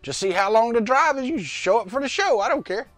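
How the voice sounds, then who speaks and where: A man's voice: extremely high pitch, expressive, brisk, a bit bright, no room sound, faint music behind. A middle-aged man hosting a casual livestream from his home workspace, rambling and greeting viewers in the chat by name, talking into a lavalier mic. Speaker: livestream host. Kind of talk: casual live-chat vlog.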